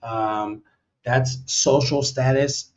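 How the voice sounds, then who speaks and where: A man's voice: mid-range voice, fairly even intonation, very slow, darkish tone. An American man hosting a casual advice monologue, talking loosely and bluntly with lots of "man" and "you know". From United States. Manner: acts out quoted voices, slangy and blunt. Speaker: host. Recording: dull lo-fi sound.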